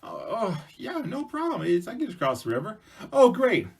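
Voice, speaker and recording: A man voicing a tiny, stubborn little man in a spoken folk tale, squeaky and unhurried. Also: huge pitch swings, vocal fry, breathy edge, full character voice. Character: tiny stubborn old man in a river hut.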